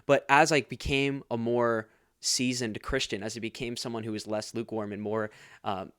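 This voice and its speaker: A man's voice: mid-range voice, steady tone, moderate pace, a bit bright, smooth, dry recording, studio quality. A man hosting a faith podcast, talking earnestly and casually and laughing often. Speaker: podcast host.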